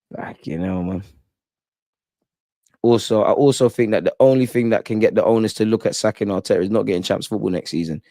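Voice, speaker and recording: A man's voice: on the low side, dry recording. Slangy man hosting a football stream. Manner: slangy, animated, says "man" a lot. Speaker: football channel host. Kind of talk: casual live-stream chat.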